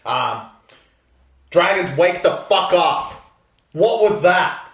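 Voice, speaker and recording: A man's voice: high voice, lively intonation, takes it slowly. A man co-hosting a sports podcast, ranting with heavy sarcasm and swearing. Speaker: podcast co-host. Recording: roomy echo, set back from the mic.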